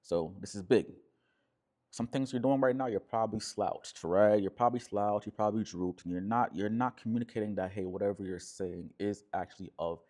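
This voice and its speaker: Coaching viewers on relationships straight to camera, a man speaks emphatically in a lowish, darkish voice at a fairly quick clip. He keeps checking in with "right?" and performs the voices of those he quotes.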